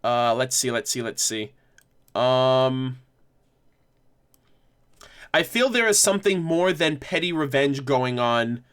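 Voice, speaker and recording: A man's voice: medium pitch, lively intonation, slow, pauses often, a bit bright, clean tone. Rambling, swearing man hosting a livestream. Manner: rambling, many restarts, swearing. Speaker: livestream host. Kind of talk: casual livestream commentary.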